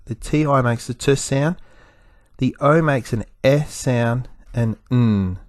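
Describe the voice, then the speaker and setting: A male teacher gives a recorded spelling lesson, slowly sounding out letters and syllables. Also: medium pitch, no echo, clean studio sound.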